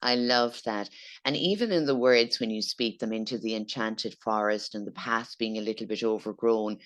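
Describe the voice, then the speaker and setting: A woman's voice: very deep voice, moderate pace. A woman hosting a podcast, speaking reflectively in casual interview chat. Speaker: podcast host.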